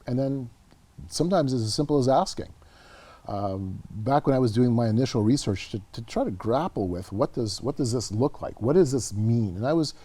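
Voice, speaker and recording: A man's voice: lowish voice, breathy edge. A middle-aged Canadian man, a guest and author, telling stories earnestly in an interview, often repeating words as he goes. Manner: earnest, animated storyteller who repeats words. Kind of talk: conversational interview storytelling.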